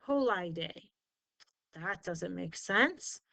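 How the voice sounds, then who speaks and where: Slow, patient woman teaching spelling. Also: on the high side, expressive, bright, forceful tone, clear, resonant tone, dry recording. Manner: encouraging, sounds words out syllable by syllable. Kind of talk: slow, patient tutoring lesson.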